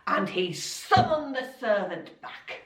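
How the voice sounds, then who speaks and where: A woman telling a Bible story to children in an expressive, dramatic way. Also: medium pitch, takes it slowly. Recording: echoey room, voice from a distance.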